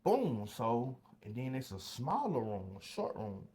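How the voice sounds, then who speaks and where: A young man telling a story casually on a podcast, acting out voices with sudden loud high bursts. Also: very animated, a little slow.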